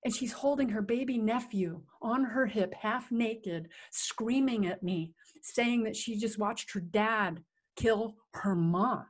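Animated middle-aged woman telling a story. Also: a little high, slow, husky. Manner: vivid, animated telling with acted-out sounds and quotes. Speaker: interview guest. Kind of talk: personal storytelling in conversation.

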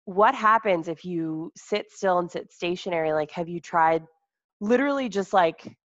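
Curious woman podcast host, lowish voice, gentle questions, slightly muffled sound. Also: moderate pace. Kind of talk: casual conversational podcast.

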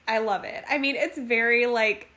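A woman with a slightly high, steady voice speaks at a moderate pace, her tone bright and forceful. She's co-hosting a casual podcast, giggling often as she reads out a movie plot summary in a relaxed recap chat.

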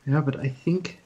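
A man's voice: fairly high pitch, a little mellow, breathy edge, highs cut off. A man playing a tabletop role-playing game, talking hesitantly with many fillers as he decides what to do. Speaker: player. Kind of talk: casual chat in a tabletop game.

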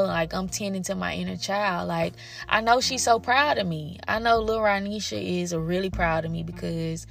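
A young woman with a gravelly, fry-laden voice talks openly to her viewers about growing up and raising her child. She swears freely and slips into her relatives' voices when she quotes them. Soft music plays faintly underneath. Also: lowish voice. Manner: frank and profane, acts out quoted family members. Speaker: parent sharing personal stories. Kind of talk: candid personal storytelling to viewers.

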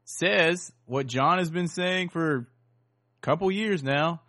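A man with a slightly raised pitch co-hosts a casual podcast. His voice is hoarse, and he jokes along and drifts off mid-point. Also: takes it slowly, sharp tone, no echo, clean studio sound. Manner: joking, loses his train of thought. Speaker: podcast co-host. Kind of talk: casual chat.

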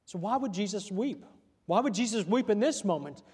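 A pastor preaching to his church, a man with a notably high voice. He builds through repeated questions and often lets his phrases sink to a near hush. The sound carries a long reverb from the sanctuary hall. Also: expressive, slightly rough. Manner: preaching with pauses and repeated rhetorical questions, voice dropping soft at line ends. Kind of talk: sermon.

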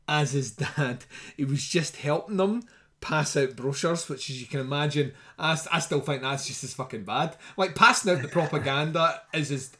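A man's voice: medium pitch, sharp tone. A middle-aged man, telling a story in casual podcast talk, swearing often and laughing as he goes. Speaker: podcast host.

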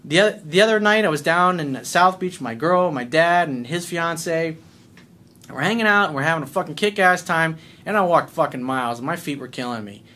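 A man's voice: a little high, expressive, moderate pace, bright, forceful tone. Blunt, swearing man ranting. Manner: blunt, combative, heavy swearing. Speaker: life coach. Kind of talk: profane rant to camera.

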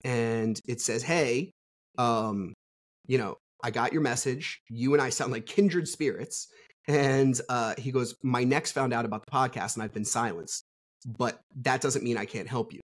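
Blunt, profane man with a husky voice. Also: medium pitch, measured pace. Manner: blunt, profane, candid storyteller. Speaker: podcast guest. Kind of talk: casual conversational interview.

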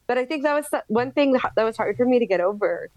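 A woman's voice: fairly high pitch, lively intonation, fast, a little mellow, dry recording. A woman co-hosting a podcast in casual chat, chatty and rambling with restarts. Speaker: podcast co-host.

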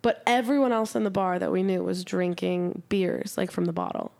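A woman's voice: on the low side, moderate pace, vocal fry, darkish tone. A young woman co-hosting a podcast, telling a story with lots of "like" fillers and frequent swearing. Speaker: podcast co-host. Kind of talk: casual podcast chat. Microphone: studio podcast mic.

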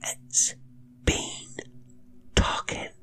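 A man voicing a frightened Irish woman cook who speaks in a hushed, fearful whisper. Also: deep voice, flat delivery, measured pace, gravelly, husky, heavily acted.

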